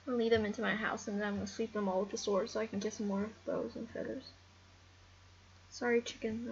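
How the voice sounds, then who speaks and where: A woman giving casual, excitable game commentary, rambling and talking to the animals on screen. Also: on the high side, vocal fry, slightly rough, muffled recording. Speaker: gameplay commentator.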